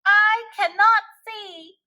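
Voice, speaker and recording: A woman's voice: steady tone, very slow, pushed and bright, heavily acted. A woman doing a frantic, squealing toad. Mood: panicked. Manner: cries out in high panic. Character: frantic male toad covered in ice cream.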